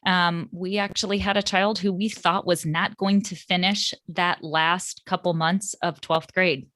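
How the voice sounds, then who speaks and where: A middle-aged woman co-hosting a podcast about parenting, talking in a calm, reflective way with frequent ums. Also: lowish voice, measured pace, no room sound, clean studio sound. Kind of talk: casual podcast conversation.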